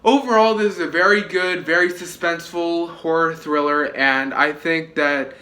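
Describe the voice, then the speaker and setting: A man's voice: a little high, steady tone, moderate pace, bright, forceful tone. A young man reviewing a movie in a casual vlog, chatty, with many fillers and frequent swearing.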